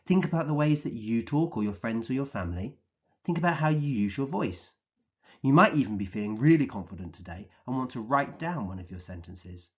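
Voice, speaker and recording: A man teaching a recorded vocabulary lesson for young children, speaking slowly and clearly in an encouraging way and acting out the words he defines. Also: mid-range voice, lively intonation, highs cut off. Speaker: early years teacher.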